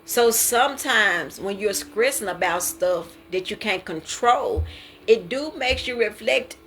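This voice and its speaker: A woman's voice: medium pitch, expressive, measured pace, fairly bright tone. A woman giving an informal devotional talk, earnest and repetitive, testifying and urging listeners to stop stressing. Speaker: devotional speaker. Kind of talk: informal preaching.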